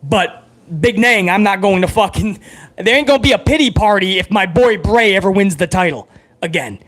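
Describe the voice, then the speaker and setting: High-voiced, wired stream host. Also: male voice, moderate pace. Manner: excitable, swears freely, chatty with viewers. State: over-caffeinated. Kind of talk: live wrestling reaction stream.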